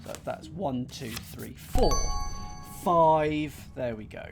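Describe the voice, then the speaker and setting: A man's voice: mid-range voice, animated, slow pace, gravelly, over music. A man casually commenting as he plays a puzzle game, with self-deprecating jokes and mumbled thinking aloud. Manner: self-deprecating, jokey asides. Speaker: let's-play host.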